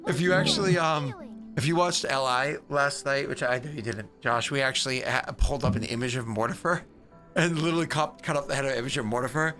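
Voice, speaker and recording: A man's voice: medium pitch, quick pace, bright, forceful tone, faint music behind. A man hosting a tabletop game stream, chatting casually and rambling with lots of fillers. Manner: rambling, many fillers and restarts. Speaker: stream host. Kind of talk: casual pre-game chat.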